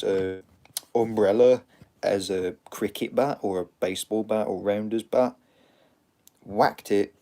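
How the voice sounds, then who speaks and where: Low, dark-voiced English man rambling. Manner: rambling, with frequent "and yeah" fillers and restarts. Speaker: storyteller. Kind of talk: casual rambling story retelling.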